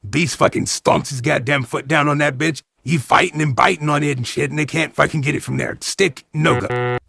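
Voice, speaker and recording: A man's voice: a little high, creaky, bright, forceful tone, slightly rough, no echo, studio quality. A man doing a profane, slangy comedy recap of a movie, with mock-outraged asides.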